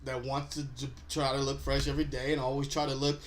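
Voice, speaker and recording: A man's voice: mid-range voice, little pitch movement, quick pace, slight background noise. A man in his thirties hosting a casual TV episode recap, chatty and laughing often as he retells scenes. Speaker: host.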